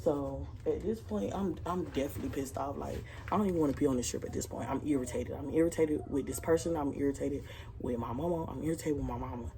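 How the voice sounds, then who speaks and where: A woman's voice: rumbling low, fast, gravelly, a little hiss or hum. A young woman vlogger telling a family story in a casual, profane, slang-heavy way and. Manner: profane, animated retelling with slang.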